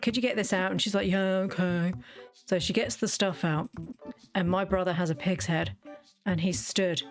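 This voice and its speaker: Chatty woman with a low voice. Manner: chatty, wry, laughs while telling stories. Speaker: gaming streamer. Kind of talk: casual storytelling while playing.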